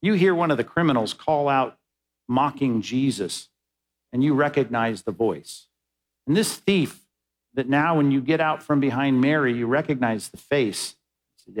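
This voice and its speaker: A man's voice: mid-range voice, lively intonation, normal speed, poor audio. A male pastor giving a sermon, telling a story and rising into emphatic exhortation.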